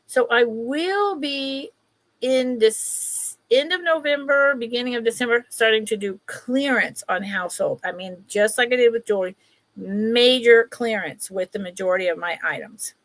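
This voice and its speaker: A woman's voice: on the high side, moderate pace, fairly bright tone, no echo. A woman hosting a casual live-stream sale, chatting with viewers by name while she shows pieces. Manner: chatty, greets viewers by name, talks while handling items.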